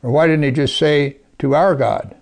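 Guy preaching a sermon, kinda gravelly, reads the verse then talks it through, goes real quiet sometimes. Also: fairly high pitch, normal speed. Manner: reads scripture then comments, drops to soft near-whispers for emphasis.

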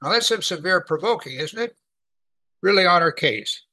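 A man preaching a sermon, teaching from the Bible in a conversational, animated way. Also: high-pitched, normal speed, low-quality recording.

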